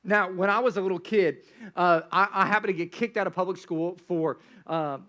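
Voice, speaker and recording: High bright-voiced joking preacher. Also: male voice, brisk. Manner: casual, joking storytelling with many restarts. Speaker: pastor. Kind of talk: sermon.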